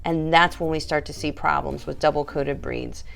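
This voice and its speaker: A woman's voice: deep voice, steady tone, moderate pace, gravelly, a bit bright, faint music behind. A woman, a pet groomer, hosting a casual live stream, chatty and emphatic as she answers viewers by name.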